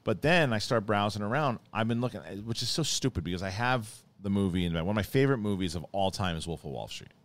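A man's voice: lowish voice, lively intonation, fast talker, hardly any pauses. A man hosting a podcast, chatting casually and rambling with many restarts and repeated words. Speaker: podcast host. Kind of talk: casual chat.

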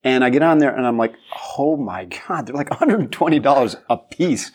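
A man hosting a podcast in relaxed conversation. He tells stories loosely, full of fillers and restarts. He keeps breaking into laughter. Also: medium pitch, moderate pace, breathy edge. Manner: laughs often while telling stories; loose, rambling storytelling with fillers. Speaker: podcast host. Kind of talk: casual chat.

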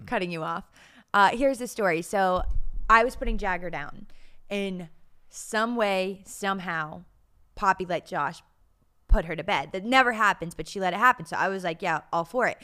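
A woman's voice: medium pitch, normal speed, sharp tone. A young adult woman co-hosting a podcast in casual chat, telling stories with quoted lines and frequent laughs. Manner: chatty storyteller, laughs often, acts out quotes. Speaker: podcast co-host.

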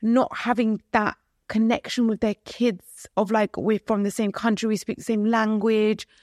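A woman's voice: a little high, moderate pace, dry recording. Chatty young London woman, dry sound. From London, England. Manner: chatty, animated, slangy, laughs often. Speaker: podcast co-host. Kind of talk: casual chat.

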